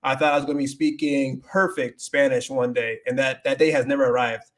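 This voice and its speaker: A man's voice: medium pitch, little pitch movement, fairly quick, a bit bright. A man hosting a casual livestream, rambling with many restarts, switching between English and Spanish and reading viewer comments aloud. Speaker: livestream host.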